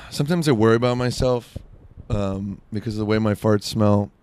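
A young man from South Florida with a fairly low, a little mellow voice speaks at normal speed in a clear, resonant tone. His comedy monologue is crude and rambling, broken by restarts and loaded with "like."

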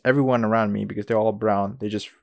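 A young man hosting a podcast, rambling through a story with lots of "like" and quick asides. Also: fairly low pitch, creaky, no room sound. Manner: rambling, animated retelling with frequent "like" and asides. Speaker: podcast host. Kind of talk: casual storytelling.

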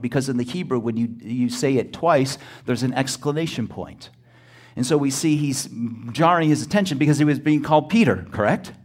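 With a voice on the high side, a male pastor delivers an emphatic sermon, frequently building to near shouts and calling on the congregation to respond.

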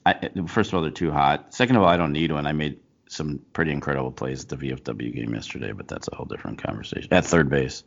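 Very deep-voiced man telling a story. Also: quick pace, vocal fry, hardly any pauses, lo-fi sound. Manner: animated storytelling, frequent restarts and laughs. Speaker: co-host, baseball coach. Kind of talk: casual chat.

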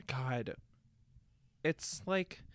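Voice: mid-range voice, expressive, very slow. A young adult co-hosting a casual podcast with playful banter and dramatic, jokey delivery. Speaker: podcast co-host.

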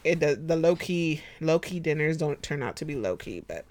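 A woman in her thirties hosting a podcast at home, chatty and expressive, laughing often. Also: low voice, normal speed, no room sound. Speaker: podcast host. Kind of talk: casual chat.

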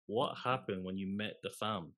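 A young man with a fairly low voice, chatting casually and teasing his friend. His talk comes in quick, playful bursts of questions. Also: fairly bright tone. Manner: teasing, eggs on the guest with questions. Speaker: podcast co-host. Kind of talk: casual chat.

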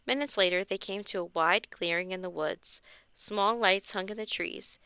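Woman storyteller for a kids' mystery book, expressive read, bright tone with some fry, dry booth sound. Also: moderate pace, dry recording. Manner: expressive, pitches up for the children's lines. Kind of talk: reading a children's chapter book aloud.

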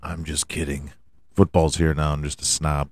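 A man's voice: a bass voice, flat delivery, moderate pace, a little mellow, no room sound. A man hosting a podcast, giving rambling, profane, joking commentary on his own. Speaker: podcast host. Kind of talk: casual solo commentary.

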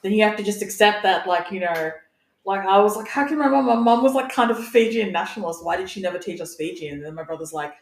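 Animated woman telling stories, echoey room. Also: medium pitch, fast talker. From Australia. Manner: animated storytelling, swears, laughs often. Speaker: podcast co-host. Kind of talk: casual chat.

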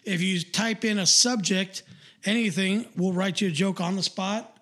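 High-voiced man ranting bluntly. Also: fairly even intonation, moderate pace, fairly bright tone. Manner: rambling, blunt and profane, heavy on fillers. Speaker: podcast co-host. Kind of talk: casual live-stream chat.

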